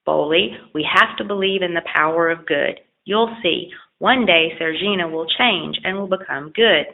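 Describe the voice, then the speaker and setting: A woman doing a kind old fisherman, low gravelly voice. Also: moderate pace. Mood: pleading. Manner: gentle, pleading storybook voice. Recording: lo-fi phone-like audio.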